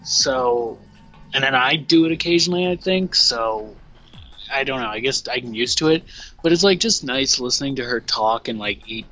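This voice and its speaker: A man's voice: medium pitch, lively intonation, moderate pace, sharp tone, highs cut off, soft background music. A man in his twenties co-hosting a game stream, bantering in a blunt, teasing and profane way. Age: 20s. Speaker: co-host of a game let's play stream. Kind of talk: casual gaming banter.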